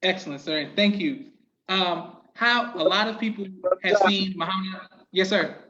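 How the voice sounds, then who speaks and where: A man's voice: sits high, moderate pace, pushed and bright, dull audio, slight background noise. A man hosting a podcast interview, asking questions in a polite, deferential manner. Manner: polite, deferential, often says "yes, sir". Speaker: podcast host.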